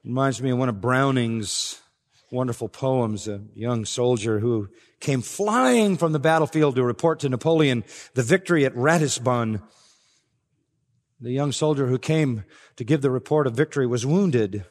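A man's voice: medium pitch, normal speed. An older man preaching an expository sermon as pastor, rising to emphatic swells. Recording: long reverb of a large hall.

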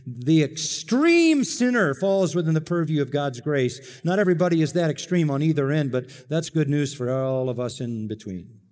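A man's voice: fairly high pitch, animated, moderate pace, darkish tone, in a large hall. A man preaching a sermon, dramatic and emphatic, often acting out the characters' lines. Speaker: pastor.

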